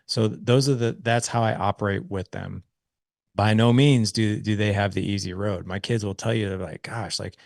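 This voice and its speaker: This middle-aged man, a podcast guest, has a lowish voice captured in a dry, studio-quality recording. In conversational interview storytelling, he earnestly recounts a fatherhood story, often ending his points with "right?"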